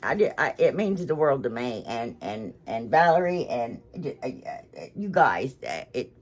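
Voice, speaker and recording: A woman's voice: extremely low pitch, sing-song, unhurried. A woman hosting a craft channel, chatting casually to viewers, gushing and emotional with lots of restarts. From United States.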